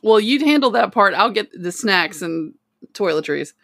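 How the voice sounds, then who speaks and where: A woman speaking as a player in a tabletop role-playing game, joking and quick to laugh. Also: medium pitch, animated, vocal fry, a bit bright, dry recording, clean studio sound.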